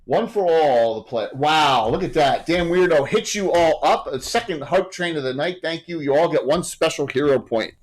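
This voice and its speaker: A man's voice: fairly high pitch, normal speed, few pauses, rough recording. Chatty man running a tabletop game. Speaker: game master.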